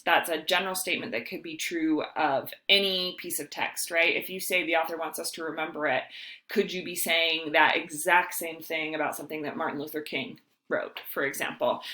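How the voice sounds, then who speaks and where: A woman teacher talks through a writing lesson in a loose, chatty way, full of fillers. Her voice is bright and forceful but sits fairly low. The room around her has a noticeable echo. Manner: casual, chatty, with many fillers. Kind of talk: video lesson on essay writing. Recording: echoey room.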